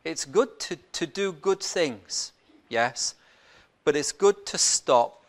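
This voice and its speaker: Brief: unhurried storytelling preacher, wide swings in volume. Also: medium pitch, animated. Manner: storytelling, swings from loud to hushed. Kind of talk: sermon.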